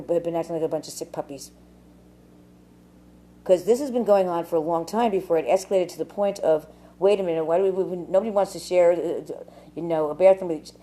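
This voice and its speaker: A woman's voice: fairly low pitch, warm tone. A woman ranting casually to camera in a rambling, profane way, full of fillers. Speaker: vlogger.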